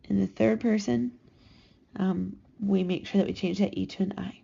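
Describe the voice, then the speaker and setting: A woman teaching a recorded Spanish grammar lesson, slowly and carefully drawing out each verb form as she models it. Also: medium pitch, steady tone, creaky, dark tone, breathy edge. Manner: slow, careful, drawn-out modeling of conjugations. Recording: slightly dull lo-fi recording.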